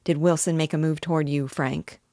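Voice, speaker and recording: A woman's voice: low voice, fairly even intonation, normal speed, mellow, no room sound, clean studio sound. A woman reading aloud, voicing a grim male homesteader who is a father.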